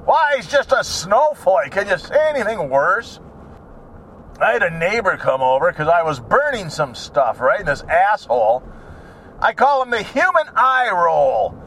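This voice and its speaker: A man's voice: sits high, very animated, measured pace, bright, forceful tone, slight background noise. A man ranting sarcastically and rambling from topic to topic while he drives his car, swearing now and then. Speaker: vlogger. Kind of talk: rambling driving vlog.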